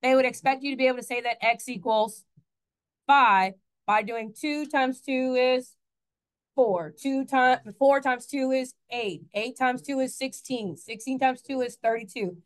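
A woman's voice: high-pitched, measured pace. A woman teaching a math class in a classroom, chatty, asking the students questions and correcting her own slips.

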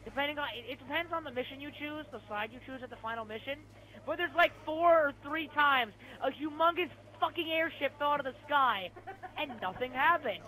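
Young dude cussing nonstop while gaming with his buddy, high bright kind of sharp voice. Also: fairly quick, a little hiss or hum, low-quality recording. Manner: crude, swears a lot, rambling. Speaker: co-op gaming partner. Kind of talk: casual co-op let's play chat.

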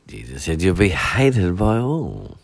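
A man preaches a midweek sermon in a very deep voice. He takes his time, leaning on repetition and rhetorical asides as he works through his points. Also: huge pitch swings, slow, vocal fry, breathy edge. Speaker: pastor.

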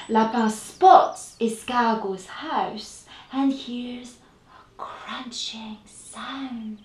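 A woman with a high voice reads a children's storybook aloud at a very unhurried pace, lingering over each word. She reads expressively and voices the sounds in the story. The recording is roomy and the mic sits some distance away. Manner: slow, expressive, sound-effect voicing. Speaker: author reading her picture book.

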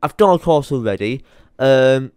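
A young YouTuber, worn out late at night, rambles and curses in a frustrated rant to camera, muttering to himself as he searches his computer. He talks at a moderate pace in an expressive, mid-range voice with a darkish, clean tone, recorded dry.

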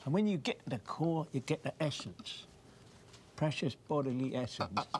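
A man putting on an old Cockney accent as a blunt, chummy working-class Londoner, gruff and cheeky. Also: medium pitch, expressive, normal speed, slight background noise, voice pushed up, lightly acted.

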